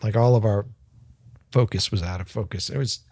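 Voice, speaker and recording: A man's voice: lowish voice, moderate pace, gravelly, a little mellow, breathy edge, no room sound, clean studio sound. Rambling man in casual podcast chat. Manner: rambling storyteller, swears casually. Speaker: podcast co-host.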